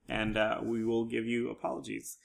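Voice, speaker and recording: A podcast co-host with a bright, sharp tone runs through upcoming theater shows. The delivery is hesitant, with many fillers, and full of dry, sarcastic jokes. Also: medium pitch, gravelly. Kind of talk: casual chat about upcoming theater shows.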